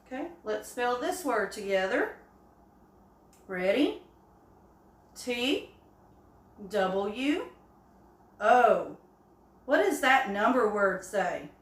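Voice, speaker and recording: A woman teaching an early-grade phonics lesson, speaking slowly and encouragingly. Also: fairly high pitch, sing-song. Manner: slow, encouraging, with drawn-out examples. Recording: echoey room.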